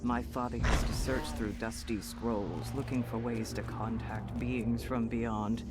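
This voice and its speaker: A man's voice: medium pitch, unhurried. A man narrating a fantasy video game in a dramatic storyteller manner. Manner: dramatic storyteller, lively delivery. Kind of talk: scripted narration. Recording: loud game music behind.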